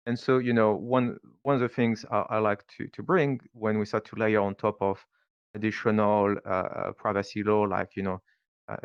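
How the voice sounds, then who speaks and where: A man with a French accent speaking on a panel, pausing often with fillers as he works through his points. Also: fairly low pitch, no echo, dull audio. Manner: thoughtful, halting, many fillers. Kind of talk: panel discussion.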